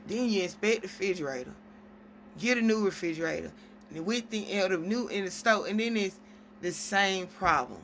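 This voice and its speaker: A woman's voice: mid-range voice, moderate pace, fairly bright tone, slight background noise. A woman venting at length in a casual vlog, rambling through stories with quoted exchanges. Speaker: single mom vlogger.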